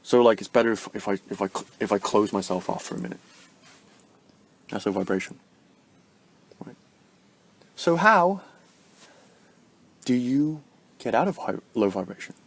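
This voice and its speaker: A man's voice: lowish voice, expressive, moderate pace, long pauses. A man vlogging casually about spiritual self-help, rambling and full of fillers. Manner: rambling, full of "like" and "you know".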